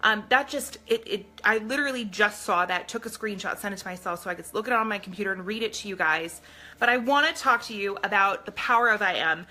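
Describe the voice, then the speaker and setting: A woman with a medium-pitched, bright, forceful voice talks fast while hosting a casual live stream. She speaks earnestly and directly to her viewers and reads aloud from a book.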